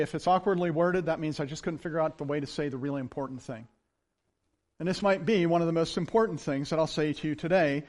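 A man preaching a sermon in a conversational, storytelling way, animated as he speaks. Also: fairly high pitch. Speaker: pastor.

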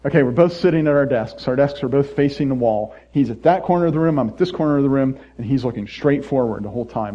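A middle-aged man preaching a sermon as pastor, playful and animated, jumping from loud mock voices to quiet earnest asides. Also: mid-range voice, a little fast, highs cut off.

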